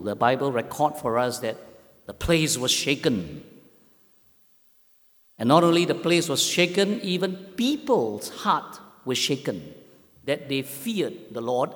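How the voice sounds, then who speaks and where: A man preaching a sermon as pastor, slow and emphatic, with long pauses. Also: mid-range voice, in a large hall.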